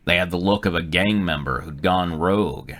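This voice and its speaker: A man's voice: low-pitched, moderate pace, a bit bright. A man reading fan fiction aloud on a live stream, sometimes stumbling and correcting himself mid-sentence.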